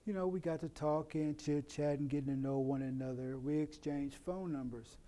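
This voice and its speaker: A middle-aged man from Oakland, telling a personal story in a plain, unhurried way with many "you know" asides. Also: a little high, mellow. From Oakland, California. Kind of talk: personal story told to camera. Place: in prison.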